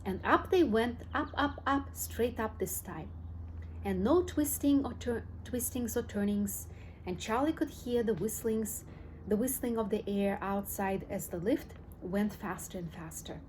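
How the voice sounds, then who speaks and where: Woman reading a kids' book, steady and clear, faint hiss under it. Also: mid-range voice, measured pace, low-quality recording. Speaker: audiobook reader. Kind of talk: storybook narration.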